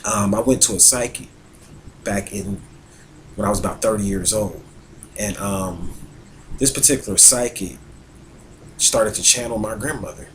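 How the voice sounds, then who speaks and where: A man with a lowish voice gives a loose, conversational talk as an astrologer. He rambles and circles back on himself, leaning on fillers and restarts. Faint noise hums under the recording. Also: normal speed, pauses often, fairly bright tone, rough recording. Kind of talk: casual spoken talk on astrology.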